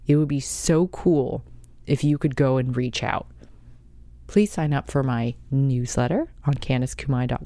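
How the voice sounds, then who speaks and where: A woman's voice: a bass voice, mellow, no echo. Woman podcaster gushing away in a chatty monologue, dry close sound. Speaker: podcast host. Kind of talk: casual monologue.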